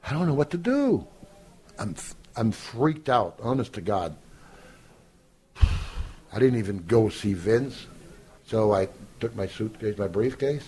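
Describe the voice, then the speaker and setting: Husky and lowish, the older man's voice moves at a measured pace with frequent pauses. As a podcast guest, he tells stories casually, acting out quoted lines with animation and laughing often.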